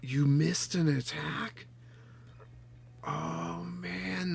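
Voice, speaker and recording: A man's voice: on the high side, level tone, very slow, gravelly, slightly rough. Exasperated man muttering through a card game. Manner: exasperated, talks to his opponent, swings from loud outbursts to muttered counting. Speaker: card game player and streamer. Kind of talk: live gameplay commentary.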